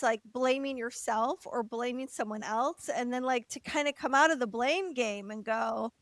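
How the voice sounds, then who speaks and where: A high-pitched woman co-host tells a frank personal story and acts out quotes as she goes. Her voice is dry and close to the mic. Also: dry recording. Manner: animated, laughs, acts out quotes; candid, occasional swearing. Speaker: podcast co-host.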